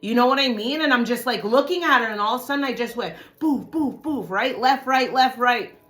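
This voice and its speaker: A woman telling a personal story to her viewers in casual talk, swearing often and swinging from low muttering to loud outbursts. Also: fast.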